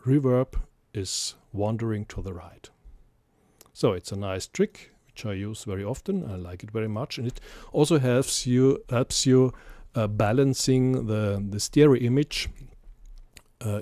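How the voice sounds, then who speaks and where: A man explaining music mixing in a software tutorial, hesitant and full of fillers. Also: lowish voice, dry recording. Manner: hesitant, many fillers and restarts. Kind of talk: screen-recorded software tutorial.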